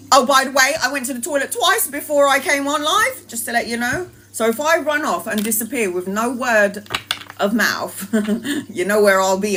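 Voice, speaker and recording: A woman telling a story on a live stream, casual and animated, laughing often and swearing freely. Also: fairly high pitch, a little hiss or hum. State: tired and low on energy. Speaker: tarot reader live-streaming to followers.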